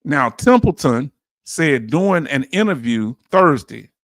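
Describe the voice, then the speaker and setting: A man with a Southern Louisiana accent giving an animated, preachy commentary as host, full of rhetorical questions and chuckles. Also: mid-range voice, a little slow, no room sound, studio quality. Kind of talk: casual commentary monologue.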